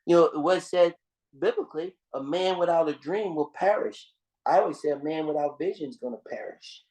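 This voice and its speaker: A man's voice: fairly high pitch, fairly quick, a little mellow. A man giving a motivational seminar talk, preaching, repeating his phrases and calling his listeners "gang" as he tells a story. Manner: storytelling with restarts and emphatic swings. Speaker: seminar speaker. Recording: roomy echo.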